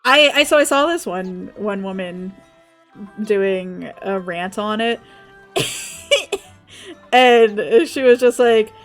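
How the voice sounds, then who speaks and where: A woman's voice: mid-range voice, slow pace, pauses often, soft background music. A young woman from the States, chatting casually as a game streamer, laughing often and swearing freely. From Southern United States. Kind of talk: casual chat while gaming.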